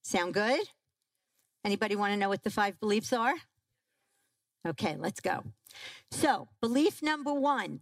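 A woman giving a parenting talk to a live audience, animated and asking the crowd questions. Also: medium pitch, no echo, poor audio. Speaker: parenting speaker.

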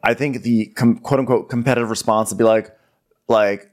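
A man's voice: mid-range voice, fairly even intonation, moderate pace. A man co-hosting a podcast, recapping in a wry, exasperated casual chat full of "like". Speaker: podcast co-host.

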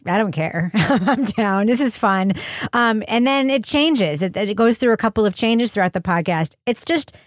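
A woman's voice: mid-range voice, no room sound, clean studio sound. A woman hosting a podcast panel in casual chat, playful and often laughing mid-sentence. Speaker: podcast host leading a panel.

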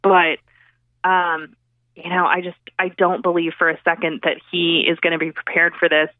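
Low-voiced woman on a tinny phone line. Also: level tone, moderate pace, no echo. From Oklahoma. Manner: chatty, agreeable, many fillers. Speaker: political journalist guest. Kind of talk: casual political chat.

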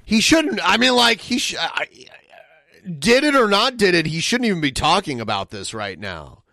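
A man's voice: high voice, big pitch swings, normal speed, bright, forceful tone, no room sound. A man co-hosting a podcast, reacting to clips with loose, off-the-cuff casual chat. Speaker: podcast co-host.

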